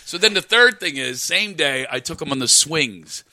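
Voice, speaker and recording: Middle-aged male comic storyteller, bright and lively, dry close sound, bursts into high shouted quotes. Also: moderate pace, dry recording. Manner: animated, acts out quotes with loud high shouts. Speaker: comedian telling stories on a podcast. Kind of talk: casual storytelling chat.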